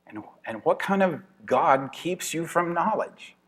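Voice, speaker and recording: A man's voice: fairly high pitch, expressive, a little slow. A man giving an informal evening lecture to a class. He talks in a chatty way, laughs often and thinks aloud with restarts.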